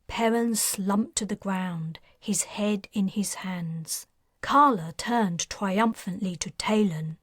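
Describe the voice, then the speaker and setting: Slow, measured woman narrating a sci-fi audiobook. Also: mid-range voice, breathy edge, no room sound, clean studio sound. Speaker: author narrating her audiobook.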